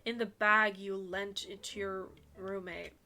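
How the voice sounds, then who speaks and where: A woman's voice: mid-range voice, level tone, a little slow, sharp tone. A woman voicing a brooding, stern male werewolf in a dating game, with a clipped, dry delivery.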